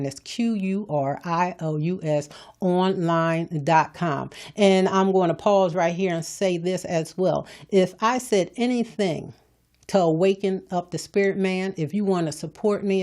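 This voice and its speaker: An older woman hosts a podcast with a fairly low voice. She talks in a folksy, preachy way, blunt and scolding but with humor. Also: darkish tone. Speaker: podcast host. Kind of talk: preachy motivational talk.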